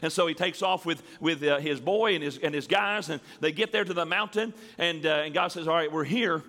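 A man's voice: a little high, fairly quick, bright, forceful tone. A man preaching a sermon as pastor to a church congregation, building emphasis and stretching key words. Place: church sanctuary before a congregation. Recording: reverberant sanctuary hall.

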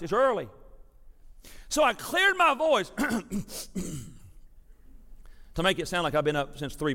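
A man preaching a sermon, telling a folksy story to his congregation in a lively, animated way. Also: high-pitched. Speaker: pastor. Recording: preached in a reverberant sanctuary.

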